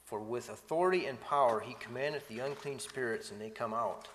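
A man in a reverberant space reads scripture aloud and comments between the passages. He stumbles and restarts now and then. His voice sits at a middling pitch. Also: brisk, fairly bright tone, a little hiss or hum. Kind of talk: Bible study reading and commentary.

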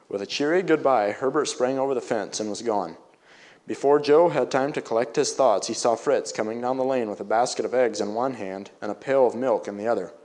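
A man reading an old-fashioned story aloud, now and then pausing to explain it in plain words. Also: mid-range voice, a little mellow. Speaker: story reader.

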